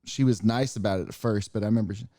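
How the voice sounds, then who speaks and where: A man co-hosting a podcast, telling stories in a rambling, animated way with many fillers. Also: on the low side, rapid-fire, no echo, studio quality. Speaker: podcast co-host. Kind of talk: casual chat, storytelling.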